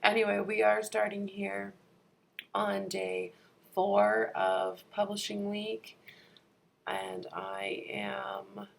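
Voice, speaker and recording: Woman vlogger, sick and gravelly, chatty voice-over, faint hiss behind. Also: mid-range voice. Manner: chatty, laughs often, many fillers. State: sick, husky voice. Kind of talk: casual vlog voice-over.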